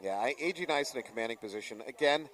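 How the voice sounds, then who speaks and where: A man's voice: mid-range voice, animated, fairly bright tone, distant mic, a little hiss or hum, rough recording. Man calling live paintball play-by-play. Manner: quick reactions, teasing banter. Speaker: play-by-play commentator.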